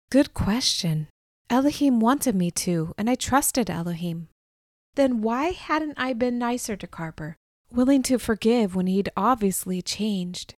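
A woman reads a first-person novel aloud, slow and deliberate, in a calm, measured voice. Each word is unhurried. The sound is dry and close, from a studio mic with no room around it. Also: medium pitch, dry recording. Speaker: audiobook narrator. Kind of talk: scripted first-person audiobook narration.

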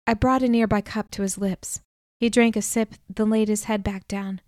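A woman narrating a first-person audiobook in an even, clear storytelling manner on a close studio mic. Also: mid-range voice, moderate pace, no room sound.

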